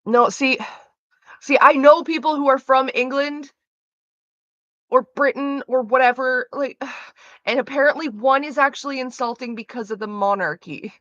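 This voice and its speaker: A woman's voice: high voice, measured pace, fairly bright tone, no echo, muffled recording. A woman streamer chatting casually with her viewers, rambling with lots of "like" fillers. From Canada.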